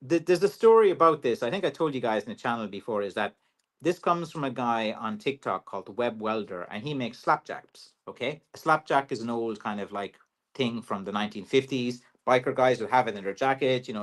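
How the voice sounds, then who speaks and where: An Irish man hosts a casual livestream, answering viewer questions about his walking sticks. He is chatty and jokey, with plenty of ums and uhs. His voice sits at an ordinary middle pitch. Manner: chatty, joking, loose with fillers.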